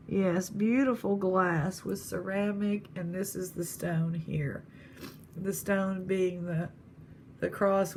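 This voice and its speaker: A woman vlogging casually, gently thanking viewers as she opens gifts and admires jewelry. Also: on the low side, slight background noise. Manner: gentle, appreciative, lingering over each gift. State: near tears, grieving. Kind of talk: casual vlog chat.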